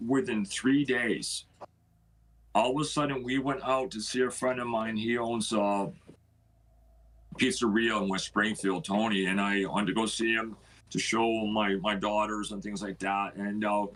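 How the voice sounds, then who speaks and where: A man, the owner of the house, telling an emotional personal story in a halting way and acting out what people said to him. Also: on the low side, fairly even intonation, fairly bright tone, poor audio. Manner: emotional, halting, acts out quoted dialogue.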